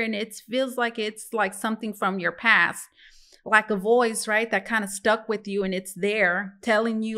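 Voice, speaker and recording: A woman's voice: a little high, pushed and bright. A woman reading tarot cards for her viewers in a casual, musing way, talking to them as guys. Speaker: tarot reader.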